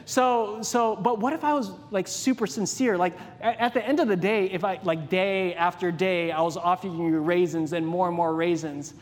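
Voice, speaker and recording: Pastor, male, high voice, chatty sermon delivery with questions to the room, long hall reverb. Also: normal speed, hardly any pauses. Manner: conversational, asks the congregation questions.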